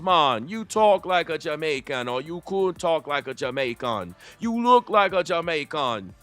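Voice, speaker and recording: Bright-voiced man lecturing confrontationally. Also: on the high side, very animated, a little slow, hardly any pauses, dry recording, faint music behind. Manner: confrontational, lecturing, addresses the clip directly. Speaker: reaction commentator. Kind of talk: reaction commentary.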